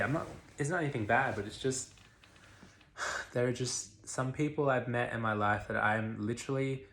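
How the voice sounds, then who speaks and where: A young man vlogging a candid confessional monologue, swearing freely and swinging between murmurs and loud outbursts. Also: medium pitch.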